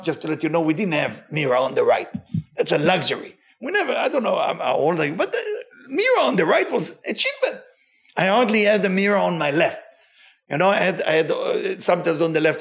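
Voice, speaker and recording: A man with a somewhat high voice and a noticeable non-native accent teaches a weekly Torah lesson. His delivery is animated, with wide pitch jumps and emphatic repetitions. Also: brisk.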